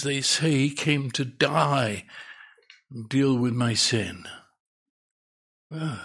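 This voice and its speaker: A male preacher with a gravelly, husky voice delivers an unhurried sermon. He repeats words for emphasis and lifts his pitch as his excitement builds.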